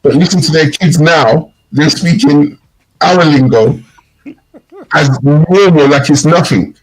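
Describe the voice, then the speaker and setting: A man's voice: a little high, slow, breathy edge, poor audio. A man co-hosting a podcast in casual chat, telling stories animatedly and mimicking slang phrases. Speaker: podcast co-host.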